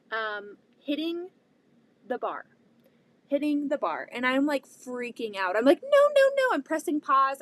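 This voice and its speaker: A woman quilting vlogger telling a story to the camera in a casual, chatty way, with lots of "um" and "like". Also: sits high. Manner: chatty, full of "um" and "like", animated retelling.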